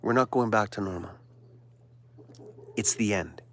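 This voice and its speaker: A man hosting a live stream, delivering a sarcastic, preachy monologue that now and then drops to a hushed whisper. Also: fairly low pitch, unhurried, a little hiss or hum. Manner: sarcastic, mocking asides; preachy, sermon-like exhortation.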